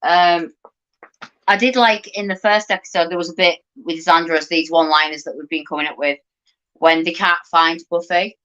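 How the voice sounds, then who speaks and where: A woman's voice: on the low side, steady tone, moderate pace, a bit bright, clean tone, dull audio. A woman co-hosting a podcast, chatting casually and gushing enthusiastically about the show. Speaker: podcast co-host. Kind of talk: casual chat.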